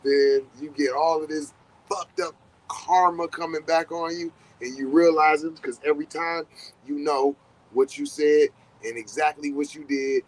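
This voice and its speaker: A man's voice: on the high side, fairly even intonation, moderate pace, rough recording. Laid-back man in casual spiritual talk. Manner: loose, conversational, swears often, acts out quoted reactions. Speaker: podcast host.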